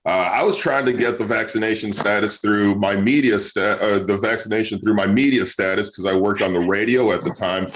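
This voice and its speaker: Tired, stammering low-voiced male comic. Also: brisk, few pauses, low-quality recording. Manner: laid-back, tired, stammering restarts. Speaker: stand-up comedian. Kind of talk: stand-up set over video call.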